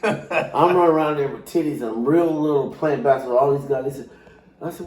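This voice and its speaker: A man's voice: a little high, a little fast, darkish tone, echoey room. An older man telling a casual story, laughing often and acting out the voices of others.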